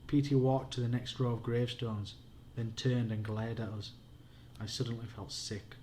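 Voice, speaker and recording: Yorkshire dad reading a bedtime story. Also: male voice, medium pitch, level tone, normal speed, dark tone, slight background noise. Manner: plain, unpolished reading with occasional slips. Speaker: father reading aloud.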